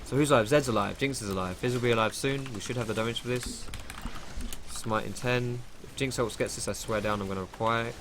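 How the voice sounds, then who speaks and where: A man giving excitable live commentary over his own gameplay, thinking aloud and swearing casually. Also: mid-range voice, fairly quick, noisy background. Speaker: gaming streamer. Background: keyboard typing.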